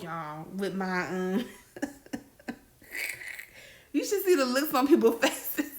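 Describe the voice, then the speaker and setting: A woman's voice: mid-range voice, very animated, slow pace, pauses often. Bold, preachy woman. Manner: bold, preachy, playful, acts out dialogues. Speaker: faith coach and speaker. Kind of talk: casual motivational talk.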